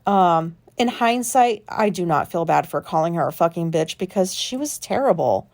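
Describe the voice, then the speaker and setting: A woman's voice: lowish voice, animated, moderate pace, darkish tone. A woman vlogger telling a personal story in casual, rambling talk, swearing freely and filling gaps with filler words. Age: adult.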